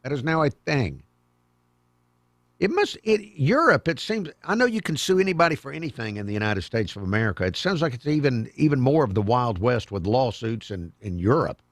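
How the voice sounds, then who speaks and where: A man's voice: medium pitch, big pitch swings, brisk, no echo. A man hosting a call-in radio talk show in a studio, chatty and folksy as he takes calls. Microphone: studio microphone.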